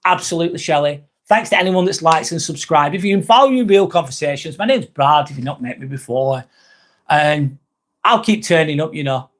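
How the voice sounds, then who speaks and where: Blunt, sweary man, fairly high voice. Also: lively intonation, normal speed, fairly bright tone. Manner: confessional, reads viewer comments aloud. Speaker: live-stream host. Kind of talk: candid live-stream chat.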